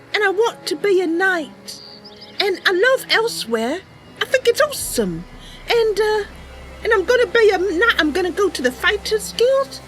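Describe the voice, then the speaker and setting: A chirpy, earnest young elf maiden who longs to be a knight, played by a woman. Her voice sits very high and swoops all over the place. She is a game role-play figure, with soft music playing behind her. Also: exaggerated voice. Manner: bright, chirpy, earnest and wide-eyed.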